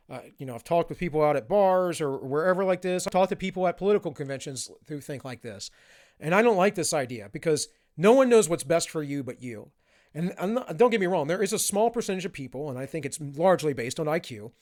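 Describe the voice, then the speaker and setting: A man with a Southern US accent giving blunt, opinionated solo commentary. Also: on the high side. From Southern United States. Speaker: political commentator.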